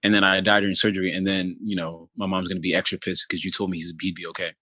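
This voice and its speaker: Low, flat-voiced man telling his story. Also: no room sound. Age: 30s. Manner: halting, loose, full of restarts and "you know". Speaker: interview guest. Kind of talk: telling a personal story in conversation.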